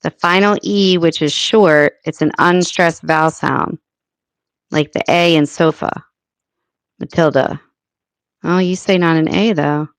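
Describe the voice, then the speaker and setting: Slow-talking American woman hosting a live chat. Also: fairly low pitch, steady tone, no room sound. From United States. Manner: chatty, thinking aloud with many fillers. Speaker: livestream host.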